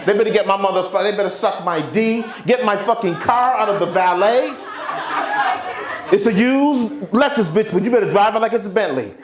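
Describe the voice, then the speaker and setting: A man's voice: high-pitched, quick pace, few pauses. A man of fifty doing a stand-up set, with a profane, punchy delivery. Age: 50s. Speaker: stand-up comedian. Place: comedy club stage. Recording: echoey club with crowd.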